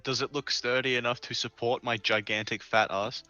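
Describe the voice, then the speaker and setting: A man's voice: mid-range voice, fairly even intonation, normal speed, pushed and bright, dull audio, soft background music. A man playing a tabletop game, talking in a jokey, casual way with some swearing. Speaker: player.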